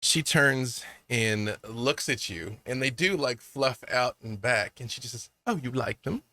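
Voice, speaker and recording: A man narrating as game master of a tabletop game, descriptive and animated, with casual fillers. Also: mid-range voice, a little slow, dry recording.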